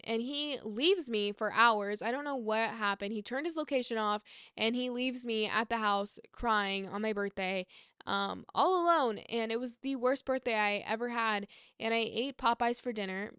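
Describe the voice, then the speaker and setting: A woman in her twenties telling a casual storytime in an animated, swearing way, acting out the people she quotes. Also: fairly high pitch, moderate pace, smooth, no echo, clean studio sound. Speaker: vlogger.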